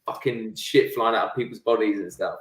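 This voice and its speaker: A man's voice: lowish voice, fairly quick. A young man chatting casually as an interview guest, laughing often and swearing freely over a video call. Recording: echoey room.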